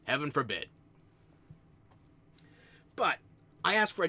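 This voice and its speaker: A man's voice: medium pitch, very animated, normal speed, fairly bright tone. A man from the United States with a New Jersey accent, chatting casually on a stream and telling self-mocking stories with frequent laughs.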